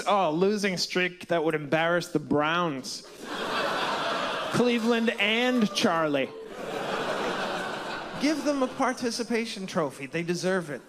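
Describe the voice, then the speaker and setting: A man doing a stand-up comedy set, wry and self-deprecating, building to loud indignant outbursts. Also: sits high. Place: comedy stage before a live audience. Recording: stage mic in a reverberant hall with laughing crowd.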